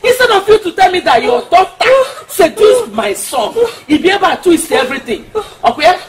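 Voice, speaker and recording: An actress with a Nigerian accent playing a scornful, loud mother in a family quarrel, shouting and mocking. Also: very high-pitched, big pitch swings, moderate pace, a little hiss or hum, full character voice. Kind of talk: Nollywood film acting.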